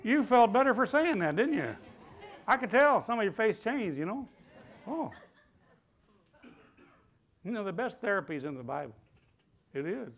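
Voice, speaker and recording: Male pastor with a high voice, preaching with call-and-response and building to loud, emphatic lines. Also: lively intonation, moderate pace, creaky. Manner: call-and-response preaching, leading the congregation in repeated phrases; rising to loud, emphatic declarations. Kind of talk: sermon. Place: church hall.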